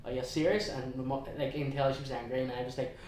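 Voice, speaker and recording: A young man with a Belfast accent telling his story as an interview guest, chatty and halting, with many restarts. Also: mid-range voice, monotone, a little mellow, a little hiss or hum. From West Belfast, Northern Ireland. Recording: echoey room, heard from a distance.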